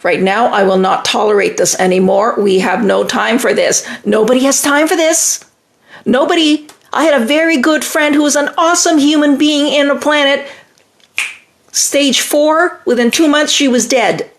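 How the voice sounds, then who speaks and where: Woman, middle-aged, live-stream advice host, slightly high pitch, gravelly texture, emphatic, reassuring. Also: moderate pace. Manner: animated, emphatic and reassuring, reacting to viewer comments. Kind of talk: live-stream advice, reading comments aloud.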